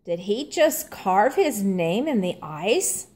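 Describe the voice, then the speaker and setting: A woman's voice: mid-range voice, very animated, slow, a little mellow. A woman voicing a friendly adult male skating coach in a storybook read-aloud.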